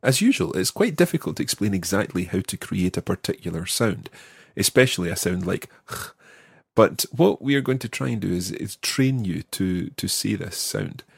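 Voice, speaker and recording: A man hosting an audio language lesson, patiently explaining and slowing down to model each word. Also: sits low, animated, vocal fry, breathy edge, dry recording, studio quality. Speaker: language teacher, podcast host.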